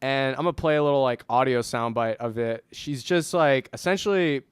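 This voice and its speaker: A young man co-hosting a casual podcast, telling an animated story full of acted-out quotes and frequent laughter. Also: medium pitch, a little fast, smooth, no room sound, studio quality. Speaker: podcast co-host.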